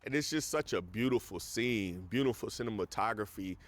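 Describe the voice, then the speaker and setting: A man's voice: fairly low pitch, animated, fairly quick. A man casually recapping a movie on a podcast, rambling with lots of fillers. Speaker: podcast host.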